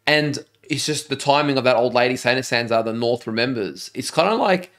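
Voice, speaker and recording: An Australian man co-hosting a show reviewing a TV episode, talking in an animated, enthusiastic way. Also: mid-range voice, brisk. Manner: animated, enthusiastic, says "dude" often. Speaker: reaction channel co-host. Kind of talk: casual chat.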